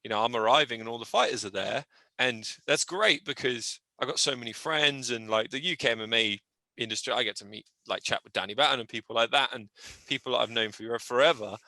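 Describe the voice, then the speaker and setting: A man's voice: mid-range voice, brisk, bright, forceful tone, no echo. A man, a podcast guest who coaches and commentates on MMA, telling stories animatedly and laughing often. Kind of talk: casual storytelling.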